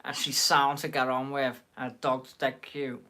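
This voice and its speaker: A man with a broad Liverpool accent talks loosely and easily on a live stream, bantering with the people in his chat. His voice sits at an ordinary middle pitch, with a faint hiss of noise behind it. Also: flat delivery, a little slow, pushed and bright. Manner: chatty, banters with viewers in the chat. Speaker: livestream host.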